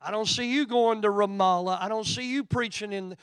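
Animated Oklahoma preacher, high bright voice. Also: male voice, a little fast, clean tone, dry recording. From Oklahoma, USA. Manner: animated, swings from quiet asides to loud emphatic preaching. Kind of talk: sermon storytelling.

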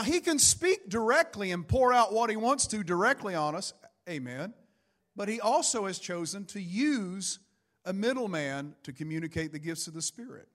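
A man's voice: sits high, animated, moderate pace, fairly bright tone. A middle-aged man preaching a Pentecostal sermon in church into a microphone, building emphasis and calling for amens. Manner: preaching with rising emphasis and call-outs. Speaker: pastor.

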